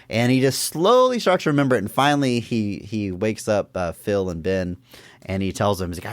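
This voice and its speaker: Brief: male podcast co-host, low-ish voice, dry close sound, lively scene recaps. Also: moderate pace, no room sound. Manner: animated retelling of scenes, acts out quotes with laughs. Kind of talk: casual movie-review chat.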